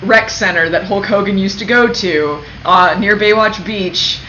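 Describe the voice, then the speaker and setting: A young woman chats at length and laughs often. Her voice is bright and sharp-edged. The sound is echoey and a little dull, with faint noise behind her. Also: medium pitch, unhurried. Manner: chatty, laughs often, detailed storytelling. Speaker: co-host of a fundraising livestream. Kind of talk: casual chat.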